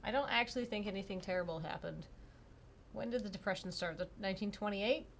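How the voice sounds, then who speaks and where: A woman's voice: mid-range voice, fast talker, a little hiss or hum. A woman narrating and playing a tabletop role-play, chatty and self-deprecating. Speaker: player and narrator.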